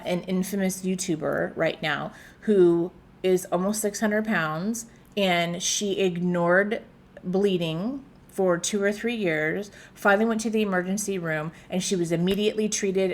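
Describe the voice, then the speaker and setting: A conversational woman in her thirties from the United States, talking through a reaction video in a relaxed, rambling way. Her voice sits fairly low and is full of little fillers. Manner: chatty, conversational with frequent fillers. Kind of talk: casual commentary.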